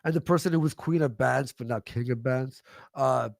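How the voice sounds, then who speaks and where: A man's voice: medium pitch, normal speed, gravelly, dry recording, clean studio sound. A man on a livestream, angrily ranting and hurling profane insults. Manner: angry, profane, shouting insults. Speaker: livestream guest. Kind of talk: heated livestream rant.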